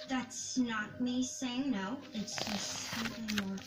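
A wry TV drama heroine. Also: female voice, fairly high pitch, steady tone, slow, poor audio. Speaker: character in a TV drama. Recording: TV audio picked up from across a room, with music. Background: background music.

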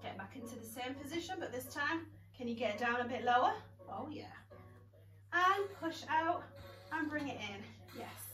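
A woman's voice: high voice, animated, moderate pace, pushed and bright. A woman leading an exercise class, upbeat and encouraging as she counts reps and lets out cheery whoops. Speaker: fitness instructor. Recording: echoey room, voice from a distance. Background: background music.

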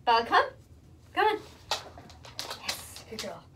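A woman's voice: on the high side, big pitch swings, slow, very noisy. A young woman vlogging at home, repeating commands to her dog and gushing with praise, a little out of breath. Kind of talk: casual home vlog.

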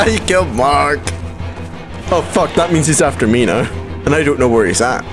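A man narrates his own gameplay in a loose, profane running commentary. His voice sits high and swings wildly in pitch, and he breaks into yelling when something chases him. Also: moderate pace, over music. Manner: excitable, swears a lot, yells when chased. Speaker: gaming channel host.

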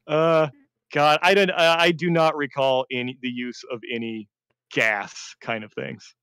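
A man, a veteran, telling war stories in a rambling casual chat, often laughing and swinging between deadpan and excited. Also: a little high, slow, clean tone, no room sound. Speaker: veteran storyteller.

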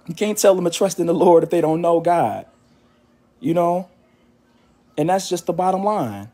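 Earnest man preaching, winded and mellow. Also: a little high, normal speed, pauses often. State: out of breath after walking. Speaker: faith channel host. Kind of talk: informal faith exhortation.

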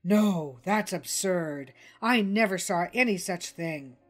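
A woman's voice: fairly low pitch, expressive, slow pace, soft background music. A woman voicing a pompous, huffy male T-Rex who runs a jungle publishing business, blustering and indignant. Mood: dismissive.

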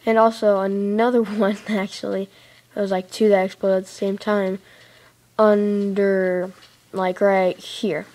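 A woman chatting her way through a building game, rambling and casual, breaking into excited squeals and giggles, recorded in a dark room on a tablet mic. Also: medium pitch, unhurried. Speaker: let's play host. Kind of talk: casual gameplay commentary. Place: dark room, sitting in a big armchair. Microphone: tablet microphone.

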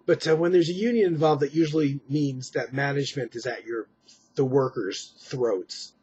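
Weary, husky man rambling late at night. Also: medium pitch, moderate pace, darkish tone, dull audio. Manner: rambling, weary, with many fillers and restarts. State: exhausted. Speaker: vlogger. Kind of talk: late-night personal update. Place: at home at night.

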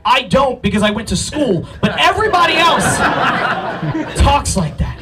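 A high-pitched man with a New York accent rants through a stand-up comedy set with a brash, profane edge. He sounds a bit far from the mic, and a club crowd laughs loudly around him. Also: very animated, normal speed, very noisy. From Brooklyn, New York. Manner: brash, profane, ranting delivery. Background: audience laughter.

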